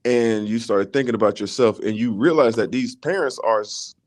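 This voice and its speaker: A man co-hosting a podcast, laying out his reasoning in a measured way with frequent fillers. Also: lowish voice, darkish tone. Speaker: podcast co-host. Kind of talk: casual chat.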